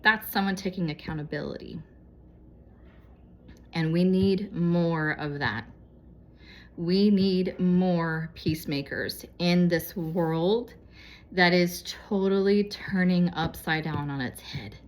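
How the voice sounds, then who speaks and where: Brief: woman vlogger, lower-pitched voice, earnest conversational advice to viewers. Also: slow pace. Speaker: vlogger giving moral advice. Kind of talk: casual heartfelt exhortation to viewers.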